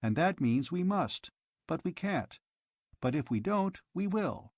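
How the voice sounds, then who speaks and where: A man voicing a patrol robot caught in a logic loop, repeating its reasoning loudly over and over in a storybook reading. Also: sits high, animated, a little slow, dry recording, clean studio sound, pitched above the performer's own voice. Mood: frantic looping. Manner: loud, repetitive looping reasoning.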